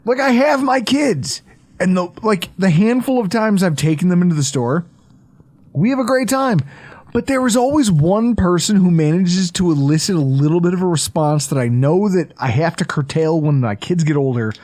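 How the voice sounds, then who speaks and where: A man, co-hosting a podcast in casual, profane, animated storytelling. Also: high voice, normal speed. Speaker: podcast co-host.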